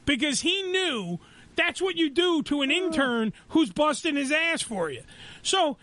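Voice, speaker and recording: A man's voice: extremely high pitch, sing-song, unhurried, sharp tone, no room sound. A man hosting a radio show, joking, swearing and laughing often in casual banter on a studio mic.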